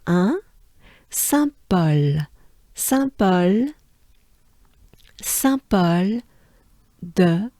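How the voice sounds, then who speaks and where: A woman's voice: mid-range voice, a little mellow, no echo, clean studio sound. A woman from France with a French accent, teaching pronunciation patiently and drilling each syllable aloud. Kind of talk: slow pronunciation lesson.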